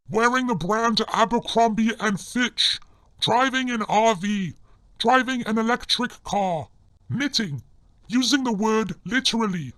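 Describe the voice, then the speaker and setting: A man giving scripted comedic narration in a formal, deadpan manner. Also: sits high, a little slow, dry recording.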